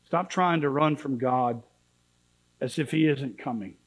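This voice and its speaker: A man preaching a sermon in a church, impassioned, swinging between shouted warnings and low pleading. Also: a little slow, slightly rough, low-quality recording.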